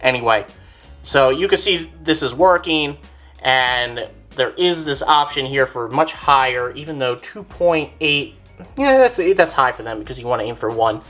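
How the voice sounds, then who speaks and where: A woman's voice: extremely low pitch, animated, moderate pace, fairly bright tone, soft background music. A woman hosting her own channel, casually demonstrating and thinking aloud as she goes, often correcting herself. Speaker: reptile keeper and channel host.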